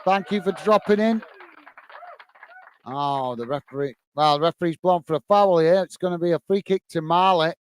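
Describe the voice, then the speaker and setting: A man's voice: fairly high pitch, moderate pace, clear, resonant tone, dry recording. A man with a British accent hosting a football watch-along, calling the play and chatting with viewers by name, with frequent "uh" fillers. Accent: British English. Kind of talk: live football commentary and chat reading.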